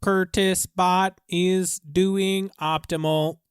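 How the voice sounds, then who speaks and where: Young male co-host, deadpan robot bit, slow smooth voice, dry close sound. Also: high voice, no room sound. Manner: monotone mock-robot delivery. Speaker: teaching assistant co-host. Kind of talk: comedic podcast banter.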